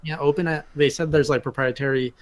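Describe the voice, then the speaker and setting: Calm matter-of-fact man, guest. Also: fairly high pitch, fast talker. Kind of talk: casual group chat.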